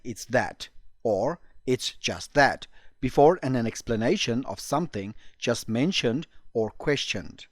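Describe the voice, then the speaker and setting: A male teacher narrates an English lesson with careful, clear explanations. His voice sits in a middle pitch. It is recorded close and dry, with no room sound. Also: no echo. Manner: slow, clear explanations for learners.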